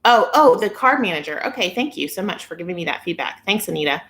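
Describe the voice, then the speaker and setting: A woman's voice: lowish voice, animated, fast talker, fairly bright tone. A woman hosting a casual live-stream chat on a phone camera, chatty and giggly as she reads viewer comments. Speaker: weight-loss vlogger hosting a live stream.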